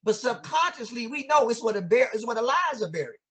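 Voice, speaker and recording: Very animated and brisk, an extremely high, slightly bright male voice carries this guest educator's impassioned conversational teaching. He sounds like a preacher, leaning on rhetorical questions and casual vernacular grammar.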